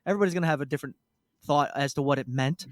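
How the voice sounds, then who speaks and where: A man's voice: a little high, no echo, clean studio sound. A man co-hosting a podcast, riffing on jokey tangents in casual chat. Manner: quick, jokey, riffs on tangents. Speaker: podcast co-host.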